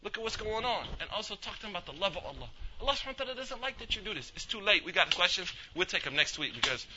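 Man, imam, fast animated storytelling, slang mixed with Arabic phrases, dull lo-fi recording. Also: high-pitched, noisy background. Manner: animated, acts out the people in his story. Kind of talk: storytelling religious talk.

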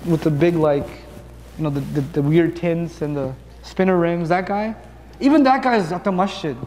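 High-voiced man preaching in a hall. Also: moderate pace, a little mellow, a little hiss or hum. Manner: conversational, humorous, rhetorical questions to the audience. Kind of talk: sermon.

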